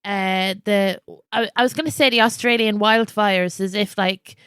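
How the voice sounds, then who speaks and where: A woman from Ireland co-hosting a podcast over a video call, playful and quick to laugh. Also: mid-range voice, fairly even intonation, a bit bright, clear, resonant tone, no room sound. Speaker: podcast co-host. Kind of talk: casual comedic chat.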